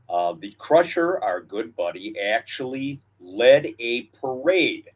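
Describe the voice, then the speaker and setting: An older man co-hosting a wrestling history podcast, reminiscing in a relaxed storytelling manner with frequent fillers. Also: medium pitch, slightly rough. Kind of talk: casual historical chat.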